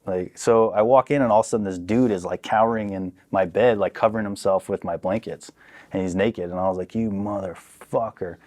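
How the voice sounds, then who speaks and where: A young man telling a story on a podcast in a casual, profane, animated way, acting out what people said. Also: lowish voice, a little fast. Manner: profane, animated, acts out quotes. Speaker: podcast guest.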